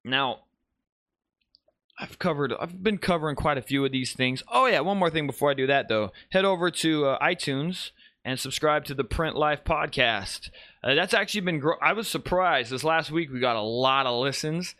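A man's voice: a little high, animated, moderate pace, bright, forceful tone, no echo, studio quality. A man hosting a live podcast, talking casually and rambling, correcting himself and greeting chat viewers as he goes. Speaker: podcast host.

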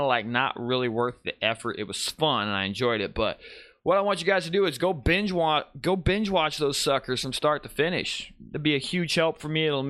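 A man's voice: mid-range voice, fairly bright tone, no room sound, clean studio sound. A man hosting a live podcast, talking casually and rambling, correcting himself and greeting chat viewers as he goes. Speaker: podcast host.

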